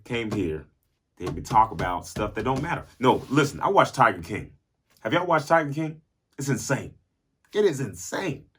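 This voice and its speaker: A young man with a fairly low voice rambles through a casual podcast from home. He talks animatedly and jokes around, sometimes breaking into bits of song. The sound comes from a phone mic. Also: a bit bright. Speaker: podcast host.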